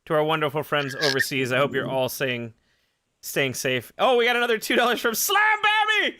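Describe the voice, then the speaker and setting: A man's voice: a little high, normal speed. A man hosting a casual live-stream podcast, joking and reading out viewers' names and donations. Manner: animated, jokey, reads chat names aloud. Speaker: podcast host.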